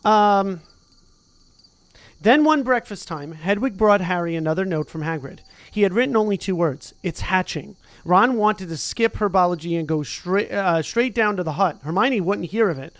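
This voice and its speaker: A relaxed reader works through a novel aloud on a stream, the voice sitting in a plain middle pitch. The delivery is loose and conversational, with stumbles over words and frequent chatty detours. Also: normal speed, dry recording. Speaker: streamer reading a book aloud. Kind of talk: casual read-aloud with chat asides.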